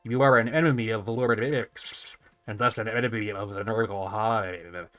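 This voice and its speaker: A man voicing a haughty female alien hive ruler from a video game, reading her lines slowly and solemnly. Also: fairly low pitch, fairly even intonation, a bit bright, soft background music, voice pushed down, lightly acted. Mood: imperious. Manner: slow, solemn, commanding delivery. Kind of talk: reading game dialogue aloud in a voice.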